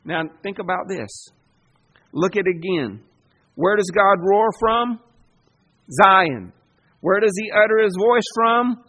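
A man preaching a sermon, emphatic, asking rhetorical questions and swinging between loud declarations and hushed asides. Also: high-pitched, measured pace.

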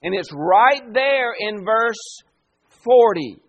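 A man's voice: high voice, animated, takes it slowly, highs cut off, soft background music. A man preaching a sermon, acting out the voices of the people he quotes and pressing his listeners with rhetorical questions. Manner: dramatic voicing of quoted figures, rhetorical questions. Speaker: pastor.

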